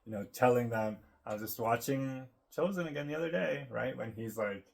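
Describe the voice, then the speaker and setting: A man talking to his camera in a loose, rambling way, with lots of filler words and quick laughs along the way. His voice sits at an ordinary middle pitch, and he sounds relaxed and unscripted. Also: gravelly. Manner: meandering, full of fillers, laughs often. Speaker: vlogger. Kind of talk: casual rambling monologue to camera.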